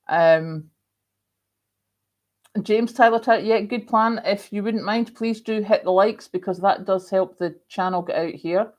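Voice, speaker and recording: A woman's voice: mid-range voice, measured pace. A woman hosting a casual live stream, chatting rambly and reading out viewer comments with lots of ums. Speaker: livestream host.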